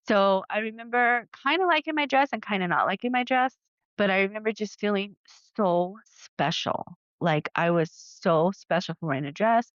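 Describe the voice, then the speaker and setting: A woman's voice: on the low side, dry recording. Chatty woman podcast host, dull dry sound. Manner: chatty, animated, acts out quoted voices. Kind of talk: casual storytelling monologue.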